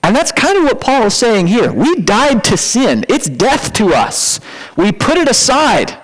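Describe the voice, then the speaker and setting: A man preaching in a relaxed, conversational way, his voice pitched a little high. He ranges widely in tone and leaps up sharply for emphatic asides. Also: normal speed, rough recording. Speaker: pastor. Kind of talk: sermon.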